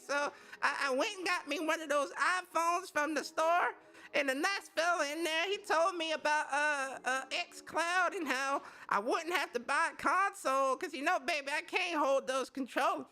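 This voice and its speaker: Quavering falsetto grandma. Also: male voice, normal speed, pushed and bright, heavily acted. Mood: doting. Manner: rambling, hesitant, sweet-talking. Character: doting old grandma gamer on her phone.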